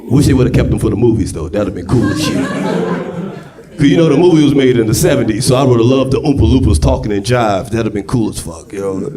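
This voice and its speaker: A young man works a comedy club stage, his voice jumping around wildly as he tells crude stories. He talks loud and excitably into a handheld mic. A big live crowd laughs loudly behind him. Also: mid-range voice, brisk. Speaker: stand-up comedian. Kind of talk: stand-up comedy set. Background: audience laughing.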